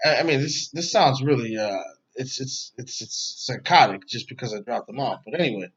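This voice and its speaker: A man's voice: mid-range voice, expressive, normal speed, a bit bright, breathy edge, dull audio. A man hosting his own podcast vlog at home, telling a story in a rambling way with heavy profanity. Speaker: podcast host.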